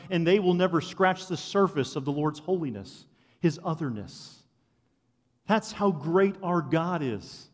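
A man preaches a sermon with a somewhat high voice that carries a long reverb, as if in a large church sanctuary. He swings from ringing proclamation down to hushed, confiding asides. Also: lively intonation, measured pace. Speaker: pastor.

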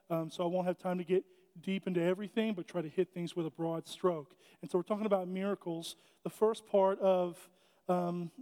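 A man with a high voice delivers a casual, joking sermon in a church and keeps restarting his sentences. A long reverb from the sanctuary trails after every phrase. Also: warm tone. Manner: chatty and joking, with many restarts. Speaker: preacher. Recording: echoey church hall.

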